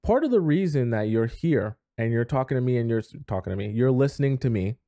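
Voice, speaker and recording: Male advice vlogger, mellow and dry, emphatic and chatty. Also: medium pitch, lively intonation, fast talker, no echo. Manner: emphatic, conversational, acts out scenes. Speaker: dating advice host. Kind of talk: direct-to-camera advice talk.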